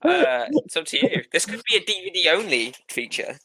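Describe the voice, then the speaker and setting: A man co-hosting a podcast, improvising a comedy sketch and chatting in an excitable, flustered way, laughing often. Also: high voice, fairly quick, creaky, slightly rough. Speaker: podcast co-host.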